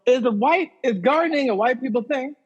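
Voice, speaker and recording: A man's voice: very high voice, animated, brisk, breathy edge, muffled recording. A man co-hosting a comedy podcast, telling stories in a playful, laughing manner. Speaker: podcast co-host. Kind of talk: casual comedic chat.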